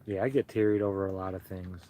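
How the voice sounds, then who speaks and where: Man, livestream host, casual chat while crocheting, soft-spoken, low voice. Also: flat delivery, fast. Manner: soft-spoken, sentimental, greets viewers fondly.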